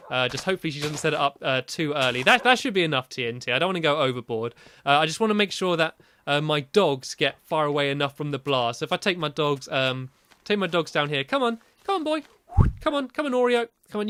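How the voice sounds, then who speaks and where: A man giving casual Minecraft let's-play commentary, excitable, breaking into yelps and squeals when panicked. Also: high voice, smooth, no echo. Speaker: gaming video host.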